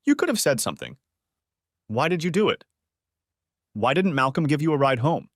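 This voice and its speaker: A man's voice: on the high side, sing-song, moderate pace, no room sound, clean studio sound, pitched above the performer's own voice. A man voicing a distraught adult wife who pleads and defends herself, in a story reading. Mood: accusing.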